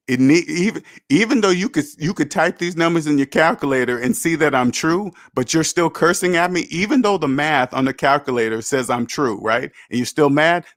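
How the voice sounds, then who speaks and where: A man's voice: fairly high pitch, fairly bright tone, dry recording, clean studio sound. A man hosting a personal finance livestream, lecturing emphatically with rhetorical questions and answering chat. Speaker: personal finance show host.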